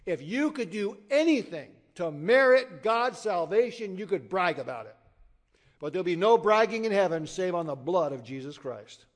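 A man preaches an evangelistic sermon, driving points home with loud emphasis and then dropping to hushed, low endings. His voice sits a little high and he tells stories with vivid voices. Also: animated, normal speed.

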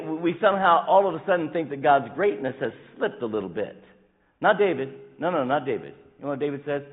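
Male pastor, emphatic sermon, lively rising and falling pitch, thin phone-like sound. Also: a little fast. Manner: emphatic, rising and dropping with stretched words. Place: church sanctuary. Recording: phone-like sound in a reverberant hall.

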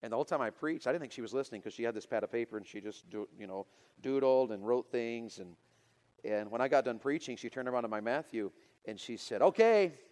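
Pastor type, storytelling sermon to a youth crowd, lively and builds to loud excitement. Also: male voice, medium pitch, fast, in a large hall.

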